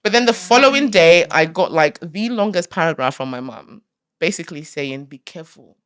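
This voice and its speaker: A woman's voice: on the low side, normal speed, clean tone. A young woman, a gospel singer, telling a personal story in casual chat, laughing often and acting out the lines of others. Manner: animated storyteller, laughs often, acts out quotes. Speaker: guest, gospel recording artist.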